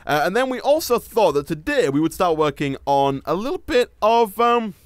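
A man hosts a gaming session with a chatty, joking manner. His voice sits a bit high and swings widely in pitch. The recording is close and dry, as on a voice call. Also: very animated, no room sound. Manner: chatty, jokey, quick to laugh. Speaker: host. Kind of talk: gaming commentary with a co-host.

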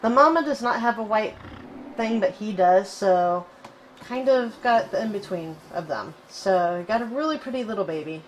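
A woman hosting casual gameplay commentary, chatty and excitable, cooing fondly at her in-game pet. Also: mid-range voice, moderate pace, slight background noise, low-quality recording. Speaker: gaming channel host.

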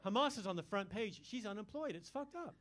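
A man in his sixties holds a club stage with a live stand-up set. His voice sits a little high for a man, and he talks brash and crude, turning jokes on himself and throwing quick asides at the front rows. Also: animated, a bit bright. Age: 60s. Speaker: stand-up comedian.

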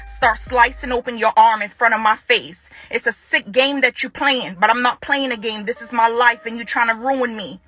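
A woman addresses the camera in a bright, forceful tone with a husky edge. She speaks to her former partner in confrontation and hammers her points home by saying them twice. Faint music plays underneath. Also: fairly high pitch, moderate pace, hardly any pauses. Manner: confrontational, repeats her phrases.

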